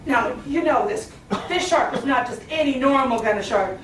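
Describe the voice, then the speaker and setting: A woman delivering a humorous tall-tale speech with a theatrical, lively delivery, recorded from far off in an echoey, noisy hall. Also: sits high, normal speed. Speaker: speaker.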